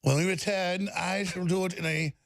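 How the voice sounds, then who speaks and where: A man hosting a live talk show, bantering loudly and breaking into mock British orator voices. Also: high-pitched, fairly even intonation, normal speed, creaky, no room sound. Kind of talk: bantering live broadcast chat.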